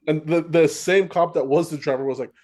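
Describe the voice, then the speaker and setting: A man's voice: fairly high pitch, fairly even intonation, fairly quick, a little mellow. A young man co-hosting a podcast, telling a clip story in a rambling, easygoing way. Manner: rambling, restarts a lot, laughs along. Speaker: podcast co-host. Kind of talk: casual podcast chat.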